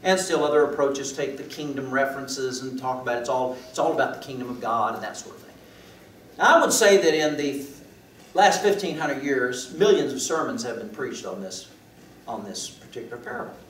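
A man's voice: mid-range voice, lively intonation, fairly quick, slight background noise. A man preaching a sermon as a pastor, explaining with frequent hesitations. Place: church sanctuary. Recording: echoey church from far off.

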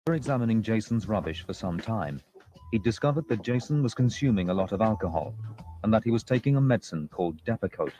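Deep documentary narrator. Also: male voice. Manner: measured, even delivery. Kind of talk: scripted narration. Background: music.

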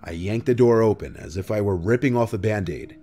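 Deep, steady male narrator for creepy first-person stories, music bed underneath. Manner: calm, measured storytelling. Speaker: horror story narrator. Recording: narration over background music.

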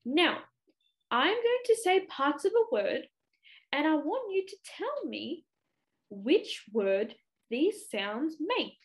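A young Australian woman leading a children's lesson, speaking in a slow, exaggerated sing-song way for little ones. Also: high voice, sing-song. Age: young adult. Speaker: speech clinic presenter.

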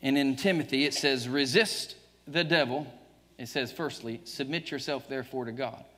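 A man's voice: mid-range voice, moderate pace, bright, forceful tone. A man with a Southern US accent preaching a sermon to his congregation, emphatic and joking with them, chuckling often. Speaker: pastor. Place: church sanctuary. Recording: church livestream, long reverb.

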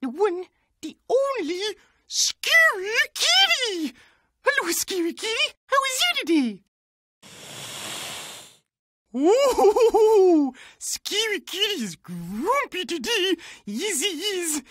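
A squeaky, sky-high cartoon cat, chattering in bubbly sing-song and playful broken grammar. The voice leaps all over its range and has a bright, sharp edge, recorded close and dry. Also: female voice, sing-song, dry recording, heavily acted. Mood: excited. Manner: bubbly, sing-song, repeats her own names in rapid chants. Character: chatty, cheerful cartoon cat, silly and excitable. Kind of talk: cartoon voice acting.

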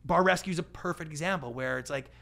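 A man being interviewed on a podcast, an animated storyteller who acts out the voices of the people he quotes. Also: fairly high pitch, fast talker, vocal fry. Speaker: guest, pitch expert and TV producer.

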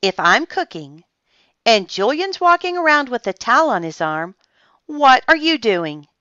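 Casting: woman voicing a small sheepish boy, high and quick, dry dull recording. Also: big pitch swings, pushed and bright, dry recording, exaggerated voice. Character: small hurried little boy.

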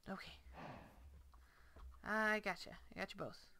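A woman's voice: medium pitch, steady tone, measured pace, bright, forceful tone. A woman hosting a casual gameplay video, chattily coaxing and playfully scolding the animals in her game. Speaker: let's play host.

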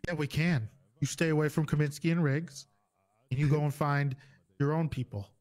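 A man playing a stern male officer in an improvised game role-play, giving calm, threatening warnings. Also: a little high, normal speed, close to an everyday voice.

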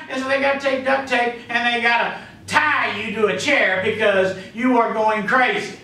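Man, Texan accent, pastor, folksy sermon, high bright voice, very echoey church sound from far off. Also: normal speed. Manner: folksy preaching, acts out voices of the congregation. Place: church sanctuary.

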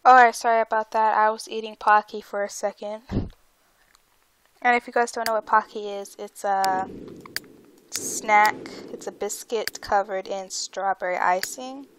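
A woman with a steady, medium-pitched voice, speaking a little slowly, hosts a let's play and chats casually about her game. She's giggly and often trips over her words, with a little hiss or hum in the audio.

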